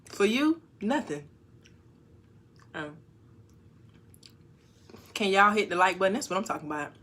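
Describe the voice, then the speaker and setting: Woman on a live stream reading chat comments out and answering them, bright sharp voice, talks frankly, gets loud now and then. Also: medium pitch, big pitch swings, a little slow. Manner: reads viewer comments aloud and answers them; frank and talkative, with sudden loud bursts.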